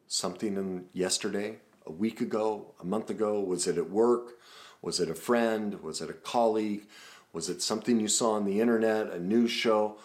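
A man's voice: fairly low pitch, moderate pace. Man leading a guided self-help reflection. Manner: questioning, rising to impassioned emphasis. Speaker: self-help author and speaker.

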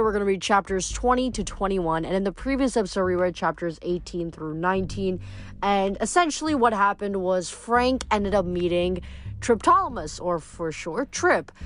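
A young woman hosting a reading channel, recapping casually with fillers and then reading a novel aloud. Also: fairly low pitch. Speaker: book reader.

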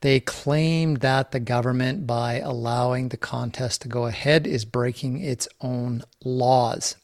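A man from Canada hosts his own podcast in an easy, rambling way, full of fillers and restarts. His pace is unhurried and his pitch sits in the middle of the usual range. The sound is dry and close, with almost no room echo. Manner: relaxed, with many fillers and restarts. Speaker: podcast host. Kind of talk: casual solo podcast talk.

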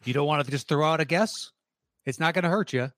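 A man's voice: a little high, a bit bright, dry recording, clean studio sound. Upbeat male podcast game host. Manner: upbeat, reads clues in a slow deliberate cadence.

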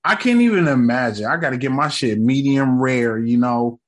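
A man's voice: mid-range voice, animated, normal speed. A man co-hosting a casual recap podcast, talking in a laid-back, slangy, joking way. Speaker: podcast co-host. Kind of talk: casual TV episode recap chat.

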